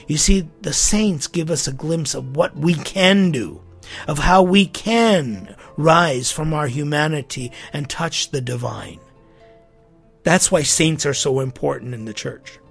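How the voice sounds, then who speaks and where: A male preacher delivering a sermon in a lively, chatty manner, throwing quick questions and asides at his listeners. His voice sits a bit high and sounds gravelly and husky. Soft music plays faintly behind him.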